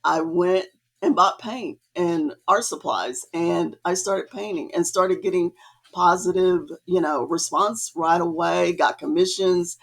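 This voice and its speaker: A woman's voice: lowish voice, a little slow, creaky. A woman artist, a podcast guest, telling her story in a casual, chatty way with many fillers. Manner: chatty, many fillers, acts out quoted dialogue.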